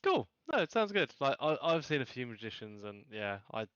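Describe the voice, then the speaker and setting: A man co-hosting a casual podcast, reacting with quick remarks and frequent laughter. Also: medium pitch, very animated, a bit bright, smooth, no room sound. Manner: laughs along, short reactions. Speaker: podcast co-host. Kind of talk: casual chat. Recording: dry, dull lo-fi mic.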